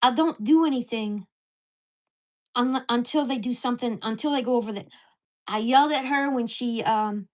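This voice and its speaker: A woman's voice: on the high side, normal speed. A woman telling a heated, profane story about her neighbors in a casual vlog recorded at home. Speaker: vlogger.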